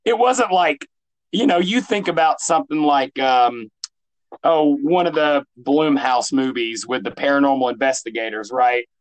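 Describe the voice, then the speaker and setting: A man co-hosting a podcast in casual chat, telling stories in an animated way with lots of fillers. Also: medium pitch, normal speed, poor audio. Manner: animated, filler-heavy storytelling. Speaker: podcast co-host.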